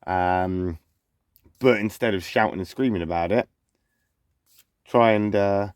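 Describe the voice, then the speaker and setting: A man with a fairly low voice delivers a relaxed zodiac reading for his channel. He talks loosely and conversationally, circling back and repeating himself. The sound is dry, with no room echo. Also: measured pace, smooth. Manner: conversational, loose, repeats phrases and restarts often. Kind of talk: casual zodiac forecast reading.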